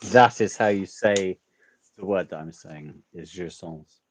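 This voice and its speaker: A man's voice: low-pitched, unhurried, a little hiss or hum. A man, co-hosting a poetry stream, joking and teasing in casual chat. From Britain. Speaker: poetry society co-host and reader.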